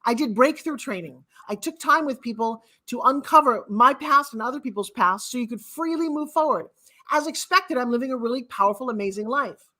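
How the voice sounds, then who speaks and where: A woman's voice: fairly high pitch, animated, fairly quick, bright, forceful tone. A woman in her sixties telling motivational stories with emphatic, repetitive phrasing. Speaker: guest author. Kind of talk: motivational storytelling.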